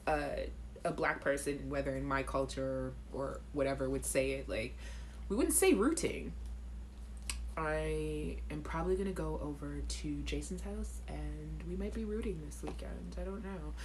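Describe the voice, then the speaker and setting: A woman's voice: lowish voice, slight background noise. A woman hosting a live chat show, talking casually to viewers, reading out their comments and laughing. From Caribbean.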